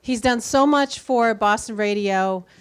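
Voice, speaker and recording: A woman's voice: on the high side, measured pace, a little hiss or hum. A woman hosting a storytelling event, introducing the next speaker with effusive praise. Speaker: event host.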